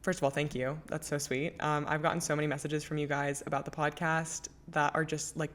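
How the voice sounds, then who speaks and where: A young woman with a low-pitched voice hosts her own podcast, talking through listener letters. She speaks candidly and emphatically, swearing freely in a loose, chatty way. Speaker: podcast host. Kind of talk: casual chat, reading listener letters.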